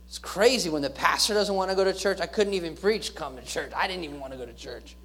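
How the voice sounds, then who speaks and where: A man's voice: on the high side, fast, few pauses, a bit bright, a little hiss or hum. A male pastor giving an earnest sermon, repeating key phrases and restarting his words as he preaches.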